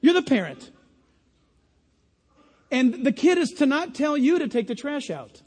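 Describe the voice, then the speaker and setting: A man preaching a sermon as a pastor, in an animated style that mocks other voices in put-on quotes. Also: very high-pitched, unhurried. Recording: long reverb of a large hall.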